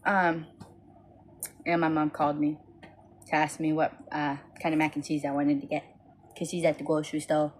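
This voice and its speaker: Tired young woman, low-ish voice, rambling casual phone vlog storytelling. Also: moderate pace, long pauses, a little hiss or hum. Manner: tired, rambling, animated with high-pitched quoted voices. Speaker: small business owner vlogging.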